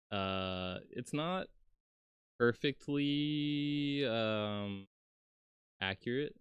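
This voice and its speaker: A man with a lowish, smooth voice talks at an unhurried pace on a casual live stream. He rambles and pokes fun at himself, filling gaps with ums and asides, heard close on a dry microphone. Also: dry recording, muffled recording. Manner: rambling and self-deprecating, with many fillers. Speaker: VTuber streamer. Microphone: close desk microphone.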